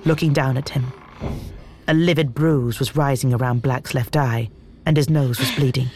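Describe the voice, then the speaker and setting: An audiobook narrator reading fantasy in a measured, dramatic storytelling manner. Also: mid-range voice, steady tone, darkish tone, a little hiss or hum. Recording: music bed under narration. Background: background music.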